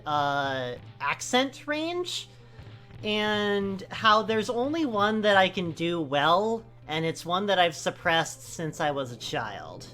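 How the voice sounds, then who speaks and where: Co-hosting a game playthrough, a woman from the US West Coast rambles through lively, casual commentary. Every so often she breaks into sudden high-pitched exclamations.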